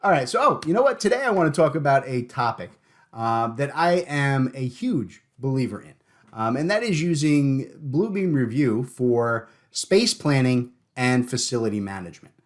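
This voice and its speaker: A man hosting a podcast in casual chat, joking and animated, often stumbling and repeating words. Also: medium pitch, normal speed. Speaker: podcast host.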